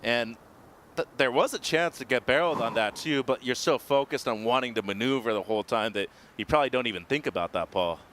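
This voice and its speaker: A relaxed man from Mexico at an ordinary pitch gives color commentary on surfing, friendly and explanatory. A faint noise sits behind his voice. He talks easily, like a chat between heats. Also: brisk. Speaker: surf analyst, co-commentator. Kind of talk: live sports commentary.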